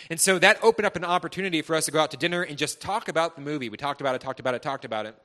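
A bright, ringing male voice, pitched a little higher than most, preaches to a congregation. He tells his testimony earnestly and with passion, rising to fervent peaks and then dropping to a hush. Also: rapid-fire, few pauses. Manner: earnest and impassioned, swinging between loud and hushed.

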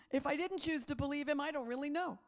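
Woman preacher, middle-aged, animated, acts out voices, laughs often, slightly high voice. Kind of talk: sermon.

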